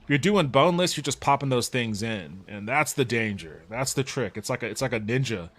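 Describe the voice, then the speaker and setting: A man's voice: medium pitch, fairly quick, a bit bright. A man giving casual, rambling gameplay commentary, joking around and swearing when frustrated. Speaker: let's play host.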